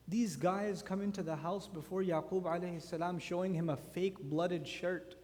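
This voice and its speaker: A man in his thirties giving an animated sermon at a youth conference, full of rhetorical questions. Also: sits high, moderate pace, few pauses. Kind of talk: lecture sermon. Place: large conference hall. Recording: hall reverb from a conference hall.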